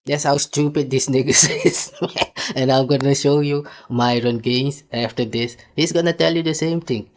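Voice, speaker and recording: A man's voice: medium pitch, fairly even intonation, normal speed. A man giving ranting video commentary on a clip, mocking and scornful, laughing between his jabs.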